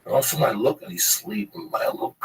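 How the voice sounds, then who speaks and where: A man's voice: mid-range voice, very animated, racing, gravelly, recorded from a distance, poor audio. A man telling a rambling, profane story in casual chat, laughing at his own tale.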